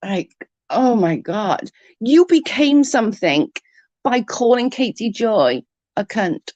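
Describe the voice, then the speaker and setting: A woman's voice: on the high side, sing-song, slow, a little mellow, no room sound, highs cut off. A woman, ranting bluntly and mockingly as an online commentator, full of profanity. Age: 30s. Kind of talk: ranting live-stream chat.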